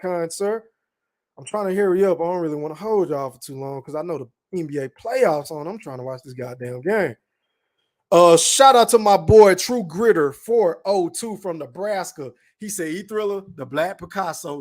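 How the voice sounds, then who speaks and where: Male streamer host, high-pitched, relaxed slangy delivery with lots of profanity. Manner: laid-back slang, shouting out chat names, profane. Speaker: podcast host reading live chat. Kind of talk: casual live-stream chat.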